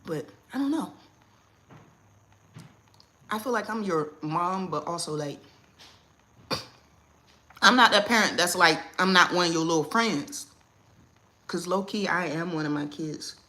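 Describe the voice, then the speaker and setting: Woman, AAVE speaker, livestream host; bright, slightly low voice; chatty and quick to laugh. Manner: chatty, laughs often, reads viewer comments. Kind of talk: casual live chat with viewers. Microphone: phone or webcam on a livestream.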